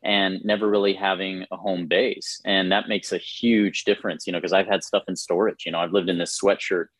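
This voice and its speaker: A man's voice: deep voice, flat delivery, a little fast, no room sound. A man chatting casually and earnestly, rambling a little with many fillers. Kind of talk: casual chat.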